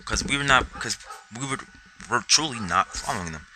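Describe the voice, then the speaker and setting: A man's voice: mid-range voice, animated, moderate pace, bright, forceful tone, slight background noise, rough recording. A young man telling a rambling personal story to camera, swearing constantly and acting out his own reactions. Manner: rambling, heavy swearing, acts out quotes. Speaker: vlogger.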